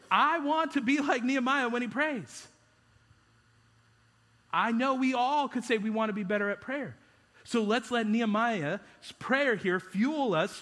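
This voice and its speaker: Bright, high-voiced man preaching in a reverberant hall. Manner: conversational, animated preaching with rhetorical questions. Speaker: pastor. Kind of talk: sermon. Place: church sanctuary. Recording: long hall reverb in a church.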